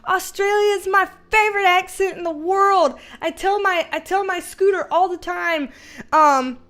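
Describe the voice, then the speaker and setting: A woman hosting a casual livestream, reading the chat aloud in a giggly, chatty, easily excited way. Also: very high-pitched, normal speed.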